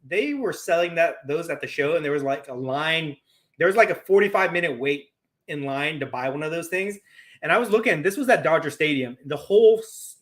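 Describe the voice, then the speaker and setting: A man co-hosting a casual card collecting livestream, telling stories in a rambling, stop-start way with many fillers. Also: a little high. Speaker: co-host of a card collecting show.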